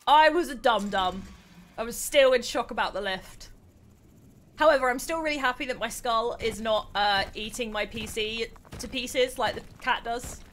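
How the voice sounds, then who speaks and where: A young British woman hosting a casual gameplay livestream, excitable, chatty and quick to mock herself. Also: on the high side, slight background noise. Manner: excitable, chatty, self-mocking. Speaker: streamer host.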